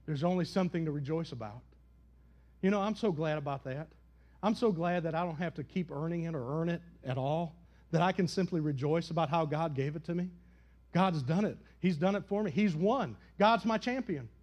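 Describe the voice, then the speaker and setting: A man preaching a sermon, swinging between loud, rising calls and quiet, dry asides. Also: fairly high pitch, fairly quick. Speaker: pastor.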